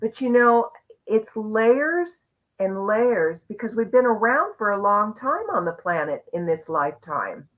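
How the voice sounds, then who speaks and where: A woman hosting a live online conversation, sharing a personal journey in an earnest, reflective, expressive way over a video call. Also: mid-range voice, unhurried. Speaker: host. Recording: muffled lo-fi audio.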